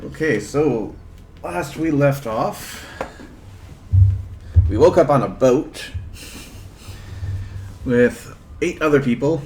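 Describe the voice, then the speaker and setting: A man co-hosting a game stream, chatting casually in a relaxed, friendly way. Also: medium pitch, slow pace, long pauses, a little hiss or hum. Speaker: streamer and co-host.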